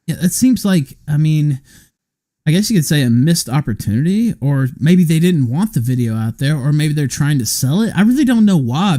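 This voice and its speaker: Casting: male podcast host, fairly high and mellow, sarcastic questioning. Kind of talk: casual podcast chat.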